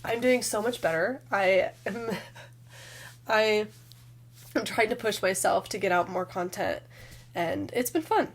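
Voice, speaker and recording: A woman with a sick, hoarse voice, chatting casually and rambling a bit as she reviews books in her vlog. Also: mid-range voice, a little slow, long pauses. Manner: chatty, rambling with fillers and restarts. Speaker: book vlogger. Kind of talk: casual chat.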